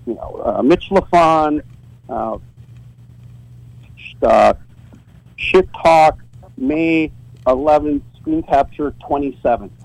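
On poor audio with no echo, a man's slightly high, gravelly voice moves at a slow pace with frequent pauses. Appearing as a podcast guest from his home office, this site owner spins a casual, high-energy yarn full of swearing and laughter.

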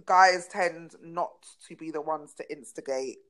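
A young woman chatting on a podcast, frank and animated as she tells a story. Her voice sits a little low and she swears without a second thought. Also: unhurried, poor audio. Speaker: podcast co-host. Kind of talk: casual chat.

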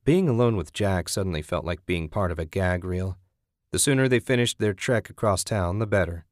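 Male audiobook narrator, measured delivery, low pitch, dry close recording. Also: lively intonation, dry recording.

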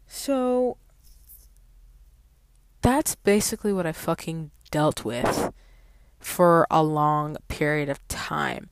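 Blunt, profane low-voiced woman. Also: takes it slowly, long pauses, clean tone, no echo. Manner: animated with sudden emphatic outbursts. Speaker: valet parking attendant. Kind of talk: storytime rant.

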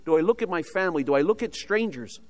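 Older American man preaching, rather high voice. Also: animated, fast talker. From United States. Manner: storytelling, humorous asides, rhetorical questions. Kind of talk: sermon with personal testimony.

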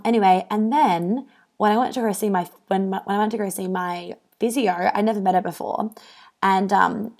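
A woman's voice: mid-range voice, darkish tone. A young woman hosting a podcast, talking casually and candidly, swearing freely with lots of "um" and "like". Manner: chatty, swears freely, many fillers. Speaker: wellness podcast host.

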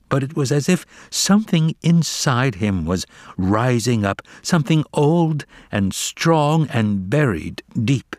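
Slow, expressive male storyteller. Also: mid-range voice, no echo, clean studio sound. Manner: expressive, animated reading. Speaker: narrator. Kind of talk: audiobook storytelling.

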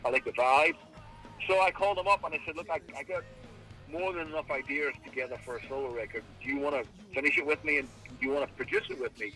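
A man's voice: fairly high pitch, fast, bright, forceful tone, faint music behind, rough recording. An Irish man, a singer and frontman, telling a story in an interview and acting out his own quoted lines.

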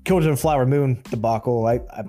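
A man's voice: mid-range voice, quick pace, soft background music. A man co-hosting a film podcast, chatting casually, laughing and asking questions. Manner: relaxed, laughing, asks questions. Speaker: podcast co-host. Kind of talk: casual chat.

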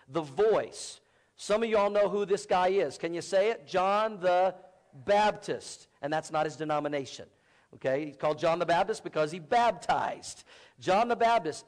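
High-voiced preacher calling on the church. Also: male voice. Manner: conversational, asks congregation to call out answers. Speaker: pastor. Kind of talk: sermon.

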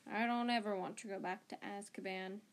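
A woman's voice: medium pitch, fairly even intonation, fairly quick, natural voice, poor audio. Woman reading as a mournful giant gamekeeper. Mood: fearful. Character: gloomy giant gamekeeper man, tearful.

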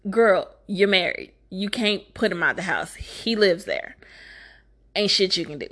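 A woman casually recapping a movie plot, cursing freely and breaking into loud, high-pitched outbursts of disbelief. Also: measured pace. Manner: animated, profane, jumps into high exclaiming outbursts.

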